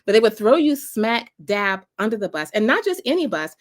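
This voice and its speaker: A woman's voice: a little high, very animated, normal speed, few pauses. A woman from North Carolina with a Southern accent, giving an inspirational faith talk as a motivational speaker, with emphatic repetition and a preaching cadence.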